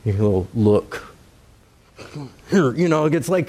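A man's voice: mid-range voice, big pitch swings, unhurried, darkish tone, husky. A man giving a conversational sermon, talking casually and directly to his listeners and asking rhetorical questions. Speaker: preacher.

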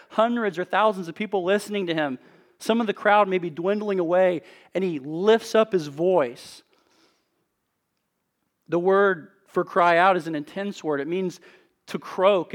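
A man preaching an expository sermon in an earnest, emphatic way, with measured rhetorical pauses. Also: a little high.

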